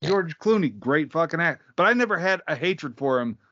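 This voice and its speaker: A man's voice: fairly high pitch, animated, normal speed, a bit bright, highs cut off. A man co-hosting a podcast, talking casually with frequent swearing and emphasis. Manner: profane, emphatic. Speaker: podcast co-host. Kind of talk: casual chat.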